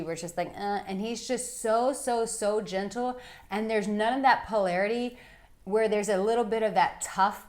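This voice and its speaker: A woman working as an intimacy coach, giving frank, playful instruction to men with animated asides. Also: medium pitch. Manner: blunt, playful and animated, with bursts of laughter and acted-out asides. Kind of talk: frank instructional talk to camera.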